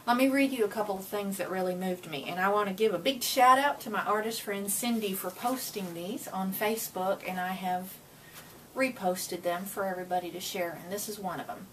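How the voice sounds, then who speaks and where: A woman's voice: mid-range voice, fairly quick. A woman who is a Christian vlogger, giving a casual, earnest and emotional motivational talk to the camera. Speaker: Christian vlogger sharing encouragement. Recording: voice a bit far from the mic with faint noise.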